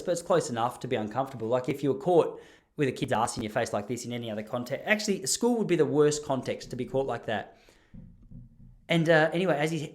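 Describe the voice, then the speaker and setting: A young Australian man hosting a podcast, telling casual stories in a chatty, self-deprecating way. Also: mid-range voice. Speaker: podcast host. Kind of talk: casual storytelling monologue.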